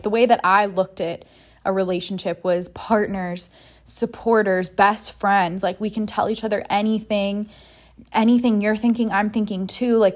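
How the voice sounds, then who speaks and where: A woman talking in a candid personal monologue, emotional and frank, swearing freely and rambling with many "like" fillers. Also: medium pitch.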